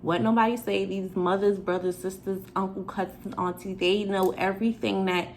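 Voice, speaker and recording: A young woman from New York telling a storytime to the camera, animated and sassy, acting out the quoted lines. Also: medium pitch, normal speed, slight background noise, low-quality recording. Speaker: vlogger. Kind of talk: storytime chat.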